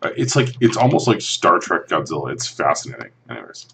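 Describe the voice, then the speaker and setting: A man's voice: sits low, big pitch swings, brisk, gravelly, fairly bright tone, slight background noise. A man playing a tabletop game in casual chat, hesitant, with ums and uhs.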